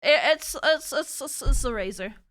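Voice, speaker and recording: A woman's voice: high voice, expressive, normal speed, noisy background. A woman live streamer chatting casually, flustered and swearing as she troubleshoots her setup.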